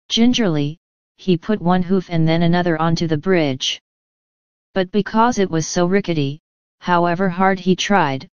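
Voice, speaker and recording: A woman telling a children's story in a careful, clear reading for learners. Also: lowish voice, darkish tone, dry recording, muffled recording. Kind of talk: scripted storybook narration.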